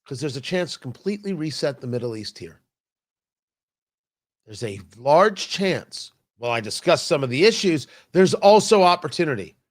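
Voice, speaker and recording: A man's voice: a little high, sing-song, moderate pace. A man hosting a talk show, giving an opinionated and emphatic political commentary monologue with a mocking edge at times.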